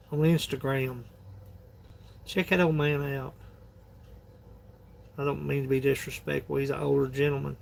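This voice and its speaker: A man's voice: medium pitch, flat delivery, normal speed, vocal fry, pauses often. A man, chatting casually on a phone livestream in a rambling, folksy way, laughing often. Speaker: livestream host.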